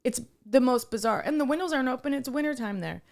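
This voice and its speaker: A woman's voice: high voice, quick pace, creaky. A young adult woman co-hosting a podcast, telling a story in casual chat and acting out the quoted dialogue. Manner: animated storyteller who acts out quoted dialogue. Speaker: podcast co-host.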